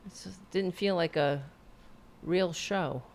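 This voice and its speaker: A woman's voice: lowish voice, takes it slowly, gravelly, darkish tone, slight background noise. A woman hosting a live stream, chatting loosely and rambling, swearing now and then. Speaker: host. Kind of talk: casual live-stream sign-off chat.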